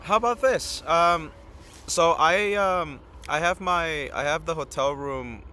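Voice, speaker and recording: Tired male stream host, a little high and bright, rambling outdoors over faint traffic. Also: slow pace. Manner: rambling, chats directly with viewers. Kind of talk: casual live-stream chat.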